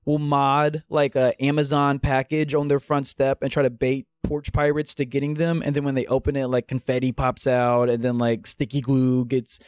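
A man's voice: medium pitch, flat delivery, moderate pace, hardly any pauses, darkish tone, clean tone, no room sound. A young man co-hosting a comedy podcast, rambling casually with lots of filler words. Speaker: podcast co-host.

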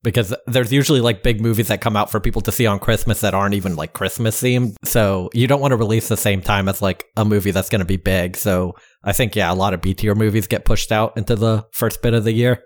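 A man co-hosting a casual podcast, explaining things in a relaxed way. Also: on the low side, quick pace, hardly any pauses. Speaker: podcast co-host. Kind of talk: casual chat.

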